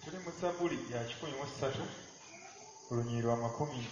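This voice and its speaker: Loud, emphatic male scripture reader. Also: mid-range voice, very fast, a little hiss or hum. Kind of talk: reading scripture aloud. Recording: very echoey hall, dull sound.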